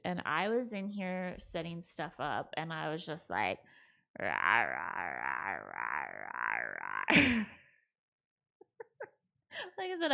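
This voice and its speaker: A young woman streamer chats loosely and giggles through her stories, leaning on filler words. Her pitch swings a lot and her voice often slips into a gravelly fry. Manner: giggly, rambling, goofy, many "like" fillers. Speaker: streamer reacting to videos. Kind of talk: casual reaction chat.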